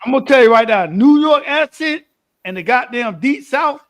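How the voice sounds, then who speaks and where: A man's voice: very high-pitched, lively intonation, moderate pace, a bit bright. A man co-hosting a casual podcast chat, blunt and opinionated, swearing freely.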